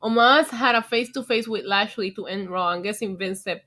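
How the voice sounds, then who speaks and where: Tipsy new york girl streaming, kinda high bright voice, laughs a lot, chatty. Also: expressive, normal speed. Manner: tipsy, laughing, chatty, reads chat aloud. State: drunk. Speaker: livestream host. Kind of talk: casual livestream chat.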